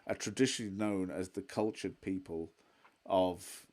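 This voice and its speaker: A man's voice: sits low, fairly even intonation, moderate pace, a little mellow. A man co-hosting a casual podcast, explaining at length with many fillers and agreeing often. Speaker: podcast co-host. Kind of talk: casual chat.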